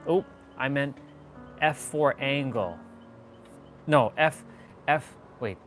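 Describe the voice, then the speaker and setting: A man chatting on a live gaming stream, loose and playful, muttering to himself as he plays. He talks unhurriedly, with a lot of up-and-down in his pitch. Faint music plays underneath. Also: expressive, takes it slowly, a bit bright. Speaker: livestream gamer. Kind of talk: casual live-stream chat while gaming.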